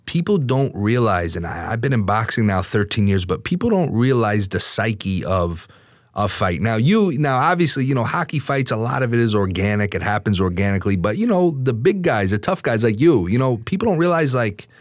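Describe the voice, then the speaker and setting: Excitable podcast host, a man. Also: fairly quick, no echo, clean studio sound. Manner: animated, repeats words and restarts often, pitch jumps when excited. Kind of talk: casual interview chat.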